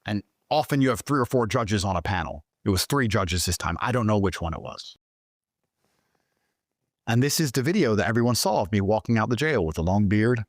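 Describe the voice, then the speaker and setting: A man's voice: a little fast, no echo, clean studio sound. Profane, emphatic man telling a story. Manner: swears constantly, animated and emphatic; voice jumps higher when excited. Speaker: interview guest.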